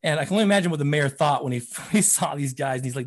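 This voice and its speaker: Animated storytelling man, slightly high voice. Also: rapid-fire. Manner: animated, acts out quotes, many fillers like "you know" and "man". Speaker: therapist and running coach. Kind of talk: casual storytelling in conversation.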